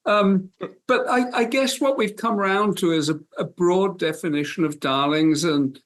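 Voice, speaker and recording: A man's voice: high-pitched, normal speed. A man on a writers' panel, speaking thoughtfully and hesitantly in casual chat.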